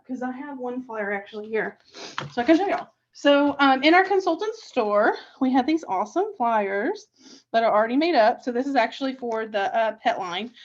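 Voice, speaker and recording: A woman, leading her sales team in a casual, upbeat live stream full of fillers and asides. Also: high voice. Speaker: direct sales team leader. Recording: dull lo-fi live stream audio.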